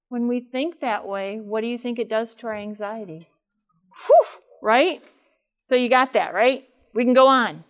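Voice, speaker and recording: A woman's voice: fairly high pitch, moderate pace. An older woman giving a live talk to an audience in a room, chatty and asking them questions. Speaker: speaker at a workshop.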